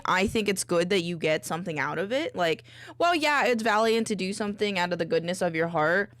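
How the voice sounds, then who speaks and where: Brief: woman VTuber, chatty and bubbly, voice bounces high and low, boom-arm desk mic at home. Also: fairly bright tone, no echo. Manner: bubbly, rambling, chatty with viewers. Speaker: VTuber streamer. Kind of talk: casual livestream chat.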